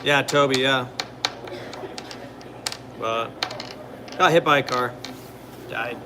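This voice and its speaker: Against a noisy background, a young man talks slowly at medium pitch. It's laid-back casual chat, rambling and stuffed with fillers, with occasional answers to questions from viewers.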